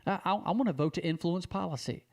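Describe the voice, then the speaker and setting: A man from Mississippi, speaking an earnest direct-to-camera appeal, repeating key phrases with slow emphasis. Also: high voice, creaky, a little mellow. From Mississippi, USA. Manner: repetitive, emphatic, with slow stressed phrases and restarts. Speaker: civic advocate addressing viewers.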